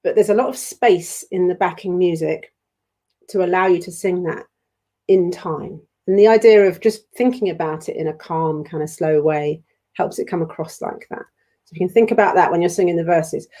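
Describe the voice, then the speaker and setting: Gentle British woman leading a choir. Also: on the low side, normal speed. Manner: gentle and encouraging, sings short lines to demonstrate. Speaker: choir leader. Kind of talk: online choir rehearsal teaching.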